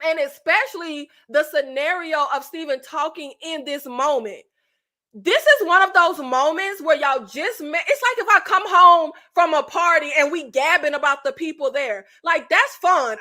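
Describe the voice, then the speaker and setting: A woman vlogger rants about a reality dating show in a very high, bright, sharp voice. She talks emphatically and profanely, repeating her points. Her commentary is casual and laugh-filled. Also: moderate pace. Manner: animated, profane ranting with frequent laughs; talkative and emphatic, repeats phrases.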